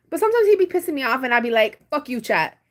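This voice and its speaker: A young woman hosting a casual live chat from home, talking animatedly and acting out loud comebacks as she tells stories. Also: high-pitched, quick pace. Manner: chatty, animated storytelling with loud reenacted comebacks. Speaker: livestream host. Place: home, doing chores.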